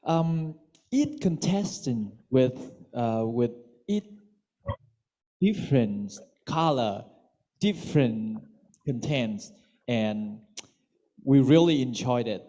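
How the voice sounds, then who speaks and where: A man hosts a speech contest in a mellow, mid-pitched voice. He speaks slowly and hesitantly, filling pauses with "um." He talks in the friendly way of a master of ceremonies. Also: lively intonation. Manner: slow and hesitant, with many fillers. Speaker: contest host.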